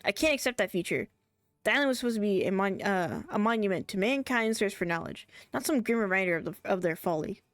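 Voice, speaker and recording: A woman's voice: medium pitch, animated, quick pace, dry recording, lightly acted. An earnest ancient guardian recounts a dire warning with grave, dramatic delivery, as a woman streamer reads her lines aloud. The voice is close and dry, with faint game music behind it. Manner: dramatic game-dialogue reading. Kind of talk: reading game dialogue aloud.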